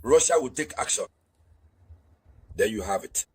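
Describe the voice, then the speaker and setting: Husky guy doing a news commentary rant, emphatic, keeps repeating himself, mid pitch. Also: lively intonation, a little slow, darkish tone, rough recording. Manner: emphatic, repeats key phrases, urges viewers to share. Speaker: host of a news commentary channel. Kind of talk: political news commentary monologue.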